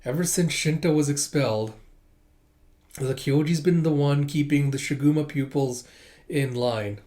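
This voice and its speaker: A man's voice: on the high side, a little slow, warm tone, lightly acted. A man doing an offhand gossipy apprentice.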